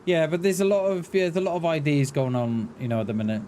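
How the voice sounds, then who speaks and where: Quick and mellow, his voice sits on the high side with fairly even intonation, and a faint hiss or hum runs underneath. He's a man from Mid Wales with a light Mid Welsh accent, casually streaming his gameplay, musing to himself and replying to viewers as "mate."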